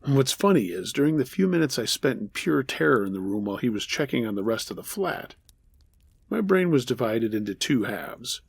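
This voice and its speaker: A man narrating a true horror story as the host of a storytelling show, measured with dry humor. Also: mid-range voice, sing-song, gravelly, breathy edge, no room sound.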